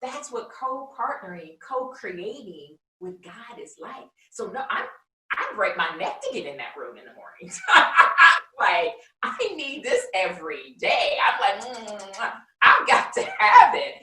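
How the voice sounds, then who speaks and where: Woman guest, expressive storyteller acting out dialogue; bright tone, sits back from the mic in a roomy space. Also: medium pitch, a little slow, recorded from a distance, slight background noise. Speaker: guest, founder of a faith project. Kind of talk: animated faith testimony in conversation. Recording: roomy sound, speaker away from the mic.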